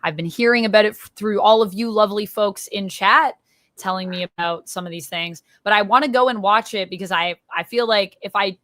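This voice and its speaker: A woman's voice: medium pitch, a little fast, a bit bright, dry recording. A woman hosting a casual comics livestream, talking chattily with many fillers. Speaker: livestream host. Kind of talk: casual chat.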